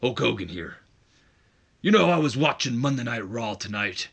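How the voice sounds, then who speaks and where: A man doing a gravelly, hyped wrestling legend promo. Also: medium pitch, sing-song, moderate pace, exaggerated voice. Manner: loud hyped promo delivery. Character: boastful wrestling legend on a satellite feed.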